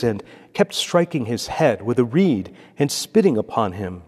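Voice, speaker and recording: A priest reads scripture aloud and preaches in a steady, solemn cadence. His mid-pitched voice rises and falls with a lot of expression. The sound rings out with the long reverb of a large church. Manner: measured, solemn liturgical delivery.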